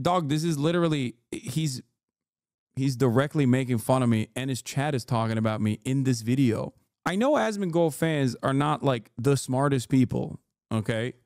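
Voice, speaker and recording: A man in his thirties reacts to clips on a live stream in a casual, sarcastic way. He mocks what he hears and laughs often. His voice sounds dry and close, at an average pitch. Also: takes it slowly, creaky, a little mellow, dry recording.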